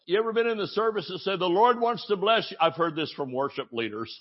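A man preaching a sermon as a pastor, animated, with shouted exclamations and joking asides. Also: high-pitched, brisk, few pauses, muffled recording, a little hiss or hum.

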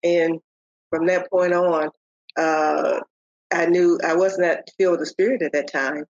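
An older woman, a podcast guest, telling the story of her faith in a halting way, with many pauses and restarts. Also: on the low side, fairly even intonation, a little mellow, dry recording. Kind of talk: telling a personal faith testimony. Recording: dull, lo-fi audio.

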